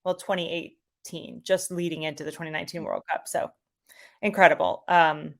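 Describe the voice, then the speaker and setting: A woman's voice: low-pitched, fairly quick, creaky. A middle-aged woman, a soccer commentator, chatting enthusiastically as a guest with lots of fillers. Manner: enthusiastic, animated, many fillers. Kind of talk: casual interview chat.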